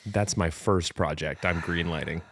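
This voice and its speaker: A man co-hosting a podcast in casual chat, rambling and self-deprecating with quick jokes. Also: deep voice, a bit bright, a little hiss or hum. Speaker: podcast co-host.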